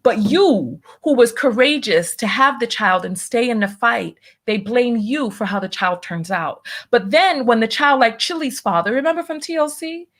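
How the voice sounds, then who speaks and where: Hosting a casual talk show alone, a woman comments on the news of the day with a wry, talkative manner and rhetorical questions aimed at her audience, then reads and thanks viewers for donations. Her voice is somewhat high and a bit bright, animated, at a moderate pace with hardly any pauses.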